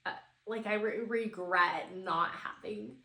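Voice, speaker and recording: A woman's voice: lowish voice, slow, sharp tone. A woman in her thirties hosting a podcast, telling a personal story in an emotional, heartfelt way with many fillers. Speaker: podcast host. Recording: echoey room.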